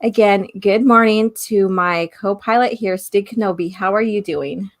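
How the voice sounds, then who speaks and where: Female co-host, giggly and talkative, slightly hoarse voice, casual stream chat. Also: medium pitch, moderate pace. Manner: giggly, chatty, reads out viewer messages. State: slightly hoarse, losing her voice. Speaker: podcast co-host.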